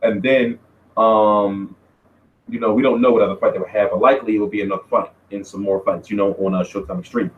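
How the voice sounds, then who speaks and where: A man hosting a casual boxing Q&A stream, talking loosely and profanely, with loud, high-pitched outbursts when he tells a story. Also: fairly even intonation, fairly quick, narrow, tinny audio, a little hiss or hum. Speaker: boxing show host.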